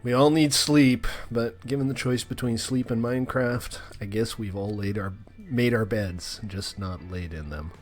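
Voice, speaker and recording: A man's voice: medium pitch, a little slow, faint music behind. Chatty man streaming Minecraft. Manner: rambling, joking, chatting with viewers. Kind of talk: casual live-stream chat.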